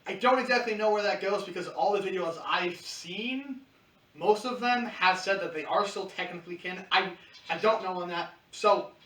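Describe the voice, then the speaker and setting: A man's voice: high-pitched, normal speed, pushed and bright. A man co-hosting a podcast, chatting casually with rambling, hedging tangents. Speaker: podcast co-host. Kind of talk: casual discussion chat. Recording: echoey room, distant mic.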